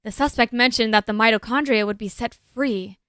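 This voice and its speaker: A woman's voice: fairly high pitch, fairly quick, fairly bright tone, clean tone, no room sound, natural voice. A woman voicing a dogged male police detective, reading his game lines aloud in her own voice. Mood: questioning. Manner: read plainly in her own voice. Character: gruff male NYPD detective, dogged and blunt.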